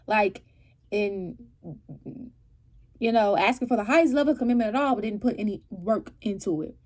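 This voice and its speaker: A woman giving a casual tarot reading to her viewers. She asks animated rhetorical questions and keeps checking in with "right?" and "okay?". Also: mid-range voice, normal speed. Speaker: tarot reader.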